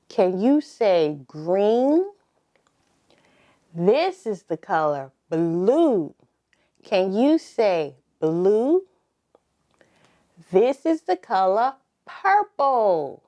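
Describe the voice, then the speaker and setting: A woman leading a toddler circle time lesson, prompting slowly and encouragingly with pauses for the children to repeat. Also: mid-range voice, darkish tone. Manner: slow, drawn-out prompting with call-and-response pauses; sing-song, encouraging. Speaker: preschool teacher.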